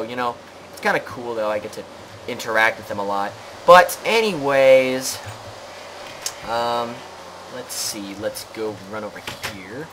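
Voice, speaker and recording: A man talks through a let's play in a loose, rambling way, cracking jokes and poking fun at himself as he goes. His voice sits at an ordinary middle pitch. A steady hum of noise runs behind him in the recording. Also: rough recording. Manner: rambling, jokey, self-mocking, talks to himself while playing. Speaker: gaming channel host. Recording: clear background noise.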